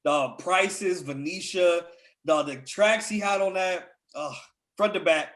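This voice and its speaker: A man's voice: high voice, takes it slowly, a bit bright. A young man co-hosting a podcast, chatting casually with friends in a loose, filler-heavy way. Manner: loose, filler-heavy, enthusiastic about music. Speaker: podcast co-host. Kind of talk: casual chat.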